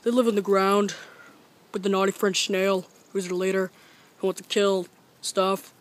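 A woman voicing a dim, blunt wisdom tree in a homemade comedy skit, giving flat, curt answers. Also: medium pitch, normal speed, close to an everyday voice. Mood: deadpan.

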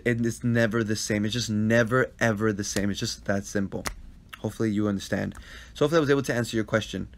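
A man hosting a casual live-stream Q&A, earnestly answering viewer questions about life and relationships, often repeating himself and checking in with the listener. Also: mid-range voice. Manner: earnest and repetitive, checks in with "right?". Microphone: phone live stream.

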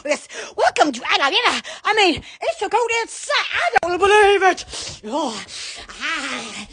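Giggly high-pitched woman squealing on a phone livestream. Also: sing-song, fairly bright tone, slight background noise. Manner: giddy, giggling, squealing, with long drawn-out exclamations. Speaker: live-stream host. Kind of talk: silly, rambling livestream chatter.

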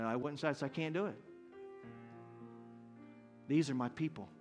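Man, fifties, pastor, sermon, earnest, loud emphatic swells, faint music underneath. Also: fairly high pitch. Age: 50s.

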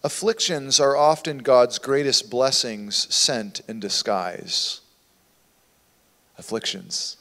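A man preaching a sermon as a pastor, with impassioned delivery that swings from hushed to loud. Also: mid-range voice, slow. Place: church sanctuary. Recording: long hall reverb in a church.

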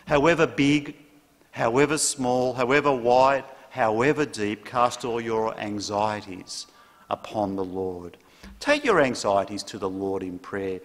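Earnest male preacher, mid-pitched, measured delivery, reverberant church. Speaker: pastor. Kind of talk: sermon.

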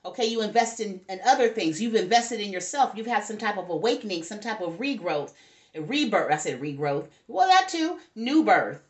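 A woman's voice: mid-range voice, expressive, fairly quick. A woman giving a casual tarot reading to her viewers, chatty and asking "okay?" over and over. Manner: chatty, talks to spirits and viewers, frequent "okay?". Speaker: tarot reader.

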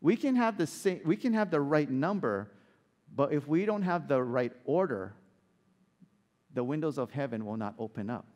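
A male pastor preaching with animated, swinging pitch and slightly high voice. He keeps asking the congregation questions. The sound carries a long hall reverb. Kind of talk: sermon.

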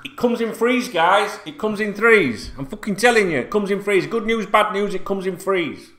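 Fan vlogger, man, high bright voice, rambling, sweary, prone to shouting, echoey home room. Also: expressive, moderate pace. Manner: swears a lot, rambling, repeats himself, bursts into shouts. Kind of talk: excited unscripted video rant. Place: at home, sitting.

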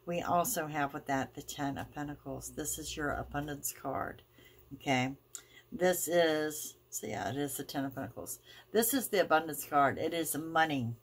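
A woman hosts a weekly tarot reading in a low voice. She explains each card with emphatic, reassuring phrasing and often stretches her words out. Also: slight background noise. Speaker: tarot reader.

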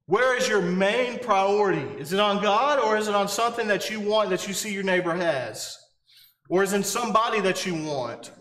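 A man preaching in a church with a fairly high voice. He sounds earnest and insistent, circling back over his phrases and asking his listeners questions. His words ring out in a roomy hall with a long echo. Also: moderate pace, fairly bright tone. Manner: earnest, repeats phrases, asks the congregation questions. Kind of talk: sermon. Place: church sanctuary.

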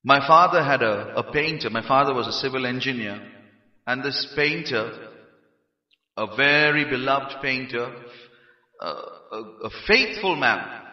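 A man from India preaching a sermon, emphatic and rising to shouts on key phrases. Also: mid-range voice, unhurried. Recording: roomy hall, dull lo-fi sound.

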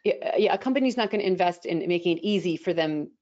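A woman with a slightly low voice co-hosts a casual Q&A. She reads viewer questions aloud and laughs often. The audio is a little dull and muffled. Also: lively intonation, fast talker, a little mellow. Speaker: coach and co-host reading viewer questions. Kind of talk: casual Q&A hosting.

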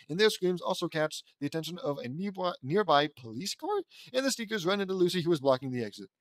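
A man's voice: on the high side, no echo. A man reading fan fiction aloud as an audiobook, breaking in with sarcastic asides. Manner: sarcastic asides between passages. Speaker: audiobook reader.

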